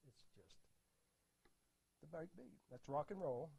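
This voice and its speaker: Older man, lecture voice, counts beats aloud, emphatic, slightly higher pitch. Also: expressive, a little slow, gravelly, darkish tone, breathy edge, faint music behind. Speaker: lecturer on music. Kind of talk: spoken lecture with audio clips.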